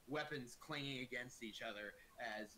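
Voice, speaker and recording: Casual male game master, bright voice, loose profane narration. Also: medium pitch, normal speed, a little hiss or hum, poor audio.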